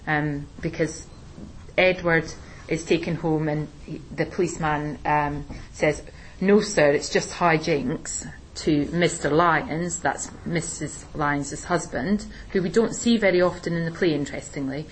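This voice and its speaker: A woman teacher explaining a play in a relaxed discussion, with plenty of ums and restarts. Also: deep voice, measured pace, slight background noise, poor audio. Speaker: English teacher. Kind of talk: recorded literature lesson discussion.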